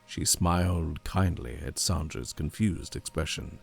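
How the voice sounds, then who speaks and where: Deep, gravelly male horror narrator. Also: big pitch swings, slow, a little mellow, soft background music. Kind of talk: scripted horror story narration.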